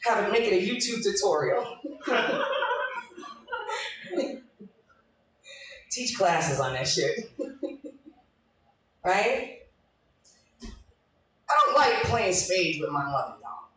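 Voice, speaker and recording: Woman, 40s, stand-up comic: loud and profane, very lively pitch, distant and echoey live-room sound. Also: very slow, pauses often. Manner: brash, profane, laughing at her own jokes. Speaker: stand-up comedian. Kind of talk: live stand-up with crowd work. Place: small live comedy room. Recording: echoey room from far off, faint noise.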